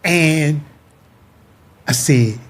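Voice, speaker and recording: A man telling an emotional personal story on a talk show, expressive and animated. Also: fairly high pitch, drawn-out words. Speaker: guest husband.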